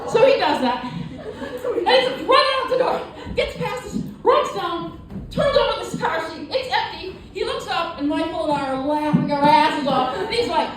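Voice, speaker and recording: A woman doing a stand-up comedy set, telling stories with animated voiced asides. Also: sits high, moderate pace, background noise. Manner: animated storytelling with voiced asides and crowd laughter. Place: comedy club stage. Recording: echoey live venue from far off, audience laughter. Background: audience laughing.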